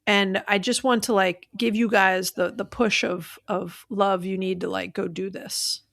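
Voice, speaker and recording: A woman's voice: mid-range voice, steady tone, a little slow, gravelly, a bit bright. A woman in her thirties co-hosting a podcast in casual chat, chatty and full of fillers. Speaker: podcast co-host.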